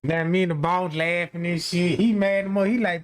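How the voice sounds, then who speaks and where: A man's voice: high voice, little pitch movement, fairly quick, few pauses, smooth. A man telling a rambling, profane comic story in slangy street talk, full of fillers like "you know what I'm saying".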